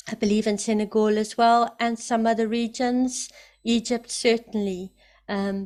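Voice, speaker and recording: A woman giving emphatic, excited spoken commentary, often repeating herself for emphasis. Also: fairly high pitch. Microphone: computer mic, camera off.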